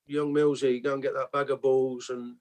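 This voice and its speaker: A former footballer telling a training anecdote with hesitations and fillers. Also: male voice, medium pitch, level tone, normal speed, a little mellow. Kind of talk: reminiscing interview.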